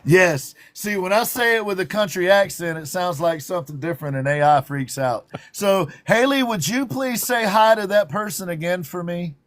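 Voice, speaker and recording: A man's voice: high voice, expressive, normal speed, few pauses, fairly bright tone. A man with a Southern drawl hosting a livestream talk show, playful and teasing and laughing often. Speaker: host.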